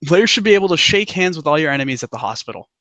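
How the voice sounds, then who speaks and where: A man's voice: on the high side, expressive, fast talker, bright, forceful tone, dry recording. A man hosting a podcast in casual chat, reading out trivia in an easygoing way and laughing often. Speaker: podcast host.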